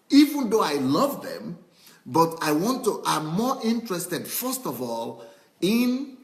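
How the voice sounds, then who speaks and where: Male pastor, lively preaching, acts out stories, slightly high voice, roomy echo. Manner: animated preaching with acted-out anecdotes and repetition. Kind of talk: sermon.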